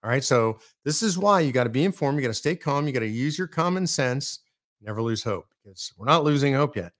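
A man's voice: mid-range voice, animated, a little fast, a bit bright, dry recording, clean studio sound. A man hosting a political commentary show, talking emphatically and repeating his points straight to his listeners. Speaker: show host.

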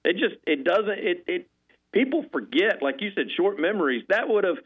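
A man calling in as a guest on a sports radio show, talking in a rambling, animated way with repeated words, heard over a phone line. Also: high voice, normal speed, slightly rough. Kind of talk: call-in sports chat.

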